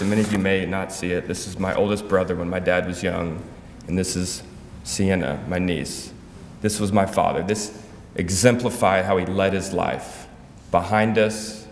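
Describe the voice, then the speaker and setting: Low-voiced guy giving a funeral eulogy, emotional and halting, echoey hall, mic sounds far off. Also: a little hiss or hum. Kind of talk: funeral tribute speech.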